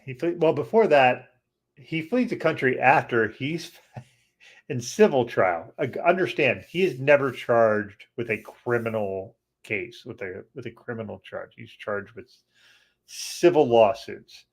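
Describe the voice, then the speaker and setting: A man co-hosting a podcast in casual chat, animated, swearing freely and laughing as he talks. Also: medium pitch, a little slow. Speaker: podcast co-host.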